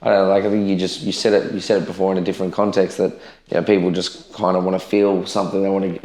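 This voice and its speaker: A young man hosting an interview, relaxed and agreeable with loose, filler-heavy phrasing. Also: deep voice, very fast. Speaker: podcast host, interviewer. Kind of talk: casual interview conversation. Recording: echoey room.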